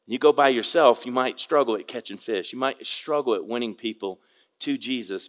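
An older man preaching a sermon, a pastor telling a fishing story with folksy, animated delivery and acting out the voices of the people in it. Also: mid-range voice, long reverb tail. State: tearful at moments.

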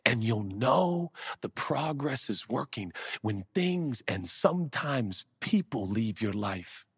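A husky-voiced pastor in his forties delivers a sermon with playful asides. He swings from soft, hushed lines to sudden loud bursts. The sound is close and dry. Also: medium pitch, very animated, slow, dry recording. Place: large church auditorium.

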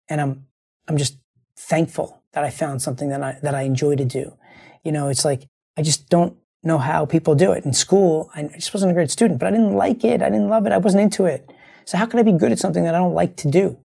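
A man hosts his show through fresh grief, holding back tears. His voice is mellow and dark, with a husky, gravelly fry. He rambles earnestly and circles back to the same phrases. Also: on the high side. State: grieving, close to tears. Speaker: show host. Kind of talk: heartfelt monologue to listeners.

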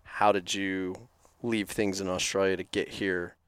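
A man's voice: low voice, little pitch movement, unhurried, clean tone, dry recording. A man hosting a podcast, asking guiding follow-up questions in a casual tone. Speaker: podcast host.

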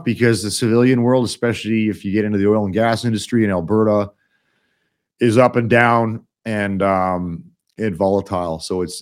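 A middle-aged man hosting a casual podcast, blunt and rambling, swearing often. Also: fairly low pitch. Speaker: podcast host.

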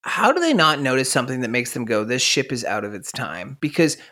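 A podcast co-host trading dry, joking comments about a movie in a relaxed conversation. The voice sits at a middling pitch and the delivery is loose and conversational. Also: fairly quick. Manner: wry, jokey commentary. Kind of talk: casual movie recap chat.

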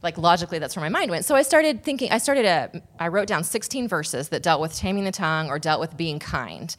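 A woman's voice: lowish voice, animated, brisk. A woman on a podcast telling a personal story in a casual, rambling way, with many restarts and asides. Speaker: podcast guest.

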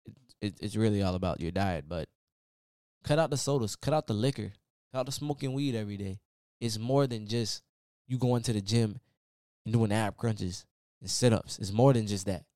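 Male podcast host, low register, casual sermon-like pep talk, dry close mic. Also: moderate pace, warm tone, clear, resonant tone, no room sound. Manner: casual, preachy, repeats "man" often. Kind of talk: motivational solo podcast rant.

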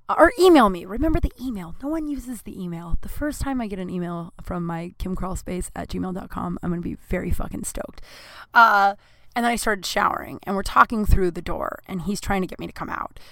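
A woman's voice: medium pitch, fairly bright tone, dry recording. A young woman comedian hosting her podcast, telling a crude, self-mocking story in casual chat, full of fillers. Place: home room, recording on a computer.

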